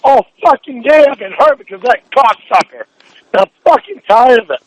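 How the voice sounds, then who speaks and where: A man with a very high voice rants in a furious private argument, swearing constantly. His voice is sore and strained from shouting, and he keeps pressing demands without letting up. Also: very animated, normal speed, rough recording.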